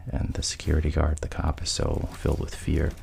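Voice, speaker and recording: Deep gravelly man retelling a film plot. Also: monotone, a little fast, darkish tone, slight background noise. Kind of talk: casual spoken retelling.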